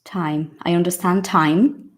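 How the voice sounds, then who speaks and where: A woman's voice: lowish voice, fairly even intonation, takes it slowly. A woman teaching an English lesson to her viewers in a casual, emphatic way, repeating key points and addressing them directly.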